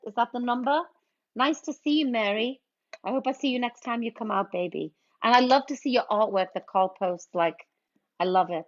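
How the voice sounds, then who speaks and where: A middle-aged woman casually chatting and greeting viewers while she mixes cocktails on a livestream. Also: medium pitch. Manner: chatty, playful, reads out viewer names. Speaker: livestream bartender host. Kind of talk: casual livestream chat while mixing drinks. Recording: dull lo-fi stream audio.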